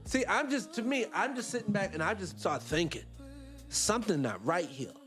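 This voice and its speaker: A man's voice: high-pitched, lively intonation, moderate pace, a bit bright, faint music behind. A man hosting a live show, talking in a rambling, blunt and profane casual monologue. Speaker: host.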